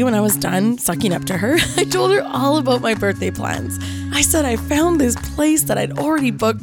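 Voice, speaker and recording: A woman in her forties, a podcast host, telling a personal story in a playful, animated scripted narration. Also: fairly high pitch. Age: 40s.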